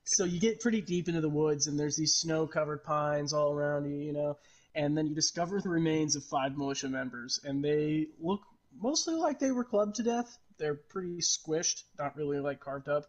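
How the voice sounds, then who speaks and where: Guy running a tabletop game, kinda high voice, super casual and sweary. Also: expressive, normal speed, highs cut off. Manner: casual, laughing, profane. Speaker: game master.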